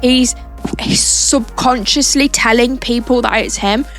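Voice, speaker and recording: A chatty woman with a slightly high voice walks through clips as a commentary host. Her talk is conversational and explanatory, with faint music underneath. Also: fairly even intonation, a little slow. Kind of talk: casual commentary on social clips.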